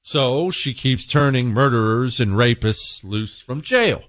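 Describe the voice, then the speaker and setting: A male talk radio host speaks bluntly and emphatically, with a sarcastic edge. His voice sits at an ordinary middle pitch. The close studio mic sounds dry, with no room around it. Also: animated, a little slow, fairly bright tone, no room sound. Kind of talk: opinionated talk radio monologue.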